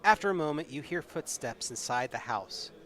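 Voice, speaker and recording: A man's voice: fairly high pitch, animated, moderate pace, a bit bright. A man streaming a solo tabletop adventure, reading its text aloud and adding wry asides. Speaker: solo game player and streamer.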